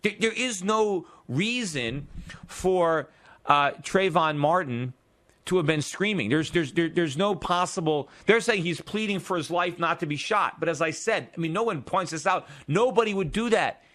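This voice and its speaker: A man's voice: fairly high pitch, animated, moderate pace, a bit bright. A man hosting a radio talk show, delivering an argumentative, emphatic political monologue with frequent restarts and filler.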